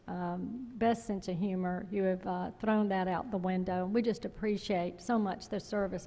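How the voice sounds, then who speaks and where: A woman on a board of regents giving a warm, laughing tribute to a retiring colleague. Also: medium pitch. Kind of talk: heartfelt tribute. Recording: echoey meeting hall.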